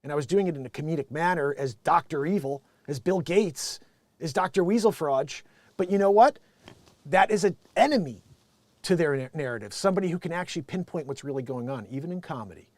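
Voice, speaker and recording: A man hosting a live daily news-comedy show, ranting off the cuff with a loud, profane, emphatic delivery. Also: fairly high pitch, animated, a little fast, dry recording. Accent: Connecticut. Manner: loud, emphatic and profane, swings between shouting and muttering. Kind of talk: unscripted ranting commentary on news.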